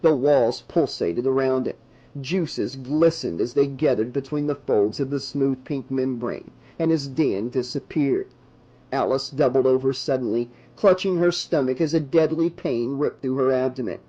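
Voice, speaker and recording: A man reading a horror novel aloud as an audiobook narrator, in measured, dramatic narration. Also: mid-range voice, dark tone, lo-fi sound.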